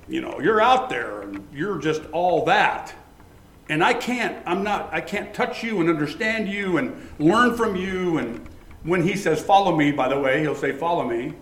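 A man preaching a sermon as pastor, emphatic, swinging between loud lines and hushed ones. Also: on the high side. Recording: echoey room with faint ambience.

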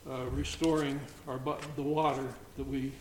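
A man leading an informal Bible study, reading scripture aloud between halting comments. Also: medium pitch, level tone, a little mellow. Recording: roomy echo, faint background noise.

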